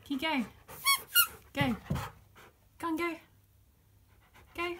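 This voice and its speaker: A woman's voice: sits high, slow, long pauses, background noise. A woman at home giving short, firm commands to her dog while filming, often laughing. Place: home room indoors.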